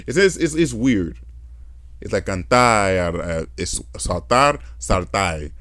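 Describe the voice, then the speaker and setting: A young adult man hosting a podcast, chatting casually and telling animated stories with accent imitations. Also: medium pitch, unhurried, no echo, studio quality. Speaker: podcast host. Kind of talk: casual conversation.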